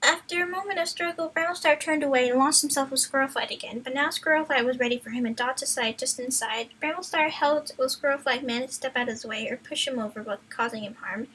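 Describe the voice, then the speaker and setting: A woman streamer reading a book aloud on a live stream, often breaking off to chat and joke. Her voice sits high and sounds bright. She rambles and stumbles over words as she reads. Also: quick pace, few pauses, slightly rough, poor audio. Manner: playful, chatty, loses her place in the text. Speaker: streamer, reader.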